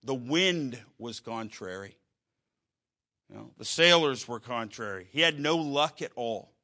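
A man preaching a sermon, telling a story with halting restarts and wry humor. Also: mid-range voice, lively intonation, bright, forceful tone.

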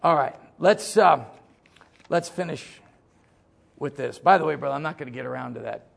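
A middle-aged man preaching a sermon as pastor, folksy and joking, swinging from loud emphasis to low asides. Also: normal speed, gravelly, husky.

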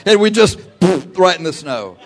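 A man preaching a sermon, telling a personal story with lively delivery, laughing often and shouting at the big moments. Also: high-pitched, a little slow, creaky, faint music behind.

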